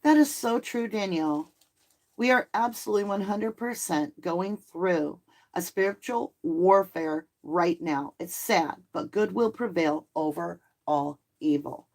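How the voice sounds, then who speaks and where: Speaking unhurriedly in a fairly low voice, a middle-aged Southern woman runs a relaxed live chat and responds to comments from viewers. Her accent blends Southern and Northern American influences, and her manner is lively and talkative, with ready laughter.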